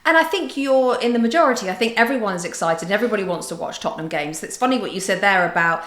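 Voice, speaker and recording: A middle-aged woman hosting a football podcast, asking pointed questions and pressing her points with lively emphasis. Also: medium pitch, fast talker, reverberant. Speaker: podcast host. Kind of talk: casual football discussion.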